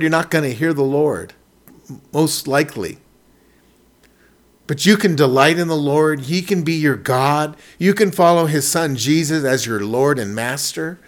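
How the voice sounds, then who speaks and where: A man preaching a sermon with fervor, repeating phrases and swinging between loud declarations and hushed asides. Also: a little high, normal speed.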